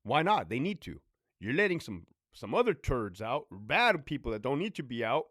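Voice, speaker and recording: A man in a casual storytime monologue, ranting bluntly with plenty of swearing and repetition. His pitch swings up and down a lot as he talks. The sound is dry and close. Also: very animated, normal speed, fairly bright tone, no echo. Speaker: former prison officer.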